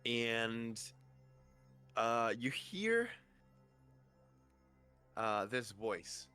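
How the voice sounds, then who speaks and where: A man running a tabletop game as game master, speaking slowly in a low voice that still swings up and down a lot. He stumbles through restarts and fillers. Faint music plays behind him. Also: big pitch swings, bright, forceful tone, smooth. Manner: halting, many restarts and fillers.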